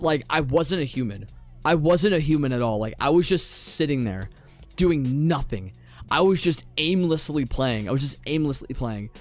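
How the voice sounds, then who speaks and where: A young adult man streaming a game, chatting casually with his viewers and commentating his play, often repeating phrases and dropping into quiet mutters. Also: on the high side. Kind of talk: casual live-stream chat with gameplay commentary.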